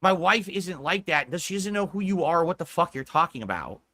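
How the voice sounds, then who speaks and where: A man's voice: a little high, big pitch swings, a little fast, pushed and bright. A man streaming, scolding a viewer in a profane, emphatic rant.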